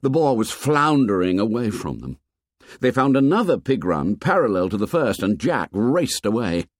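A man narrating a novel aloud in a measured, expressive storytelling manner. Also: on the low side, no echo, clean studio sound. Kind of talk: audiobook narration.

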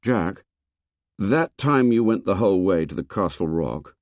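A man's voice: low-pitched, big pitch swings, unhurried, a little mellow, no echo, clean studio sound, heavily acted. A man voicing an earnest boy chief who sounds troubled and hurt. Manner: earnest, despairing.

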